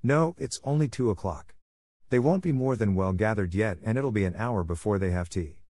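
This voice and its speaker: A man voicing a stern, strict middle-aged farm woman in an audiobook, brisk and scolding. The recording is dry and close. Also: fairly low pitch, darkish tone, no room sound. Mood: firm. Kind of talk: audiobook character reading.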